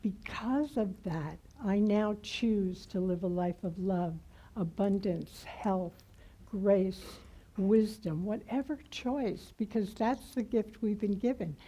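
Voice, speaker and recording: Woman guest minister, unhurried heartfelt sermon, very dark mellow tone. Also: medium pitch, rough recording. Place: church sanctuary.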